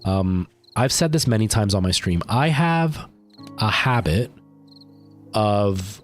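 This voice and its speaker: A man's voice: lowish voice, lively intonation, slow, faint music behind. A man livestreaming a game, chatting casually and rambling to his chat while he plays. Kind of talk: casual gameplay stream chat.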